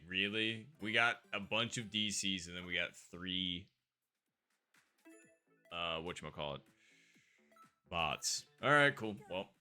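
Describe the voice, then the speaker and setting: His voice is low-pitched yet bright and forceful as he plays a game live on stream. He's chatty and rambling, peppering his talk with fillers and self-asides.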